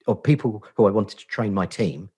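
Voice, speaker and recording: Expressive and brisk, his voice is warm, on the low side and breathy. He's a middle-aged Portsmouth man with a local accent, guesting on a podcast as an agency founder. In this casual interview chat he's sweary, self-deprecating and full of jokes.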